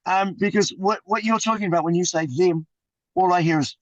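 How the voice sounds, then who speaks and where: A middle-aged New Zealand man speaks in a heartfelt, uplifting way, with a voice on the high side for a man. The sound is dry and a little dull, recorded close with no room echo. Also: brisk. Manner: passionate, uplifting, weaves in Māori words. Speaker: interview guest, suicide survivor and mentor. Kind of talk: heartfelt storytelling interview.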